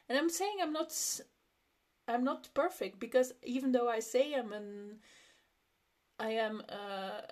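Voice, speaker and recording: A woman's voice: on the high side, a little mellow. A young adult woman hosting a solo podcast, talking openly and personally, laughing often and restarting her sentences. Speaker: podcast host. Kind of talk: reflective solo podcast talk.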